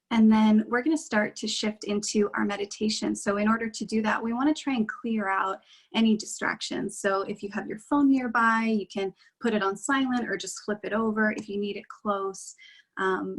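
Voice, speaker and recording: A woman leading a guided meditation in a gentle, reassuring, unhurried way. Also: mid-range voice, low-quality recording.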